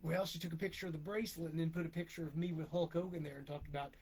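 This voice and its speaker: Husky middle-aged man telling stories. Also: fairly high pitch, fairly even intonation, racing, a little mellow, low-quality recording. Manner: rambling, laughs often, acts out quoted lines. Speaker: podcast co-host, wrestler. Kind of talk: casual storytelling chat.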